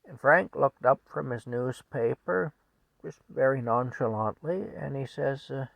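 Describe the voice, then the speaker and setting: A man's voice: mid-range voice, measured pace, gravelly, fairly bright tone, no echo, rough recording. An older man telling a family story in a rambling, folksy way, often chuckling.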